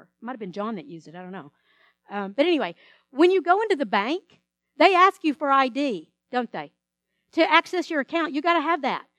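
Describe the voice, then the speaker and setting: Female pastor, middle-aged, high voice, emphatic sermon delivery, dry recording. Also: fairly bright tone, no echo. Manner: preaching with dramatic quoted voices and emphatic scripture reading.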